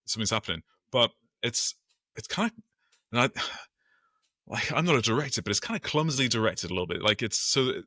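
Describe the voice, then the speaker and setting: A man's voice: medium pitch, sharp tone, no room sound. A man co-hosting a casual film podcast, recapping plot with wry, dry asides. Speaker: podcast co-host.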